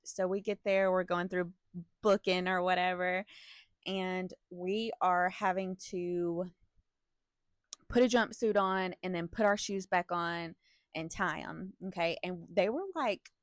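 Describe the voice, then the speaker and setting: A young woman telling a story from her school days in an animated, profane manner, with laughing asides to her viewers. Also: on the low side, measured pace, no room sound, studio quality. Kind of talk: casual storytime vlog.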